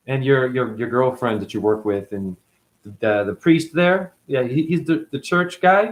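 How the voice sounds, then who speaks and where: A man in his forties rambles through a livestream, swearing freely and jumping from thought to thought. His voice is lively, leaping up high and dropping back to a mid-range tone. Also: normal speed. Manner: profane, rambling, jumpy pitch swings. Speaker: host.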